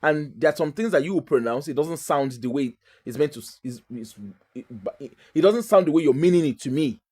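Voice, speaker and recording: A woman's voice: deep voice, animated, brisk, mellow, husky. Chatty Nigerian woman, emphatic monologue. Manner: chatty, emphatic and digressive, with frequent fillers. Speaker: host. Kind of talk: casual monologue.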